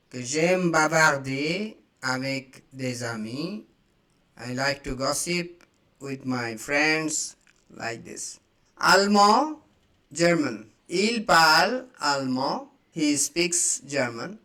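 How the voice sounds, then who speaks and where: Slow, patient man teaching vocabulary. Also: a little high, lively intonation, sharp tone. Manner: repeats each word slowly, then translates it. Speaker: French teacher. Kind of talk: slow beginner language lesson.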